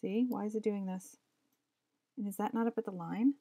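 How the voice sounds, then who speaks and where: A woman artist at home talking to her stream as she draws, muttering and swearing in frustration at her software. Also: medium pitch, flat delivery, a little fast, no echo. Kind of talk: casual live-stream commentary. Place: home workspace.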